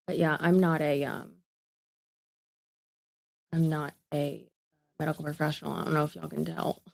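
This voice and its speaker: A woman's voice: low voice, flat delivery, vocal fry, darkish tone. Chatty woman live-streaming. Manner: chatty, quick asides with laughs and fillers. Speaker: vlogger. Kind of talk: casual live-stream chat.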